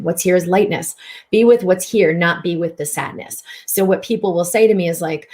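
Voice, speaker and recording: A woman with a slightly low voice leads a mind-body self-help broadcast as host. She speaks expressively and swings her pitch widely as she voices inner thoughts. At times she drops to a soft, hushed tone. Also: brisk. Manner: repeats words for emphasis. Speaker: host and physician.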